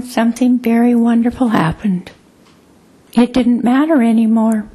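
Slow, high-voiced woman telling a personal story. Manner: slow, expressive, repeats words for emphasis.

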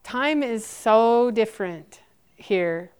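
A woman in her forties answering audience questions about her near-death experience, earnest and halting, with frequent restarts. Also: on the high side, expressive, a little mellow, smooth.

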